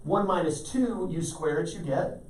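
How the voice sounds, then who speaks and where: A man's voice: fairly high pitch, a little slow, darkish tone, slight background noise. A man teaching a math class, explaining each step patiently and calling on students by name. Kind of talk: classroom lecture. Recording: echoey classroom, mic at a distance.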